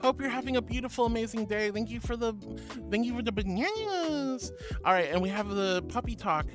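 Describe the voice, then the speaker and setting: A woman's voice: on the high side, expressive, fairly quick. A woman streamer chatting casually on a livestream, bubbly and giggly, reading chat messages aloud. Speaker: VTuber streamer. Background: background music.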